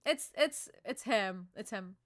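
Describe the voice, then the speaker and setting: A young woman co-hosting a casual live reaction chat, excitable and giggly, with lots of slang and restarts. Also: medium pitch, slow pace, no echo, clean studio sound. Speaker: co-host reacting to a manga chapter.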